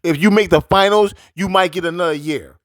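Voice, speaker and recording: Male sports commentator, fairly high voice, repetitive and emphatic rant, dry close sound. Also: fairly quick, no echo. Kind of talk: casual sports opinion rant.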